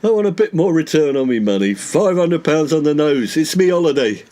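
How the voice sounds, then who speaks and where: A man's voice: fairly high pitch, lively intonation, brisk, mellow, natural voice. A man voicing a pompous, grumbling, self-important middle-aged Englishman who blusters indignantly.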